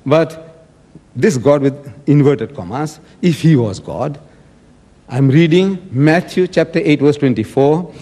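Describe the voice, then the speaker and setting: Male debater, forceful and argumentative, slightly high-pitched, recorded with long hall reverb. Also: unhurried, husky. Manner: emphatic, argumentative, acting out quoted speech. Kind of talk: public debate speech.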